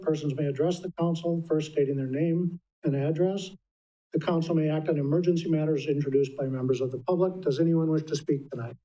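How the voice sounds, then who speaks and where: A man's voice: on the high side, mellow, rough recording. A man presiding over a city council meeting in a formal, procedural manner. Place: council chamber.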